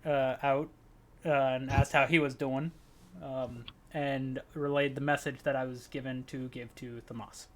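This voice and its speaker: A man playing in an online tabletop role-play, talking haltingly with many fillers. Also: medium pitch, level tone, fairly bright tone. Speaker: player.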